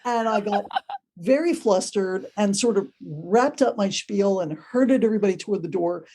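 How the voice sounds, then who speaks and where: Mellow-voiced woman telling a ghost story. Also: medium pitch, normal speed, husky. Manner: animated, acts out quoted voices. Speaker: podcast guest, ghost tour guide. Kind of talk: casual storytelling.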